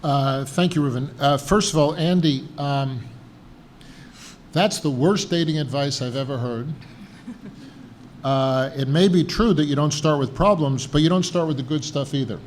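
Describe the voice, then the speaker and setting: A man's voice: on the high side, unhurried, a little hiss or hum. A man speaking on a conference panel, wry and anecdotal, acting out voices as he tells a story. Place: conference hall.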